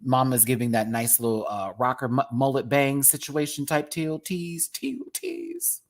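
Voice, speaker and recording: A man's voice: medium pitch, fairly even intonation, normal speed. A man from Texas giving a sassy, casual commentary on a drag competition, full of drag slang. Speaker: drag show reviewer.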